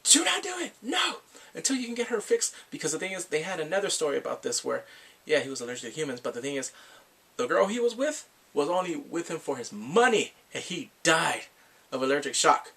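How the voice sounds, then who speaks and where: Guy recapping a drama all excited, kinda raspy voice, slightly high, keeps laughing. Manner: animated, laughing, acts out characters in quick quotes. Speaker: drama reviewer. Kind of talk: casual recap.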